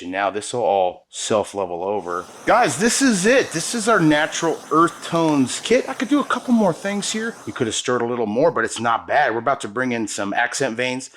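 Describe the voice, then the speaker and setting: Low-voiced enthusiastic man demonstrating craft techniques. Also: fairly bright tone. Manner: enthusiastic, slangy, talks straight to viewers. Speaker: epoxy countertop instructor. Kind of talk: hands-on product demonstration.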